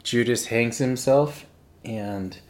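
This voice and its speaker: A man, a priest co-hosting a casual chat, with dry deadpan humor. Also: mid-range voice, slow. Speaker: priest and co-host. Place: indoors at a table after a meal.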